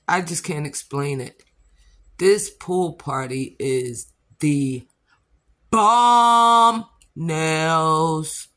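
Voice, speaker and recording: Woman w/ aave gushing over nails, slow rambling talk, bright tense voice, yells then calms down. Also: fairly low pitch. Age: adult with a child. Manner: excitable, rambling, bursts into shouts then calms down. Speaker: nail vlogger. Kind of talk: excited casual vlog.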